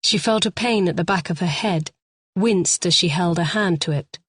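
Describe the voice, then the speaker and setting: Female audiobook narrator, low register, tense measured delivery, dry studio sound. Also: husky, no echo. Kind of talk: scripted thriller narration.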